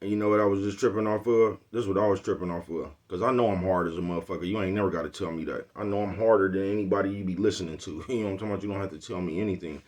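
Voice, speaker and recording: A relaxed man talks straight to his own channel's viewers in a slightly low voice. He brags easily about his own skills, chuckles between phrases and loops back to the same catchphrase. He sounds unhurried and loose. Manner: laid-back, boastful, keeps asking "you know what I'm talking about". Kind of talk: casual rambling vlog talk.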